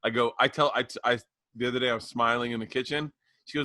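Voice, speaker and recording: Bright-voiced male comedian, dry close sound. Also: medium pitch, fairly even intonation, quick pace, dry recording. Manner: laid-back storyteller, swears, quotes back-and-forths. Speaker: stand-up comedian and podcast co-host. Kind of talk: casual chat.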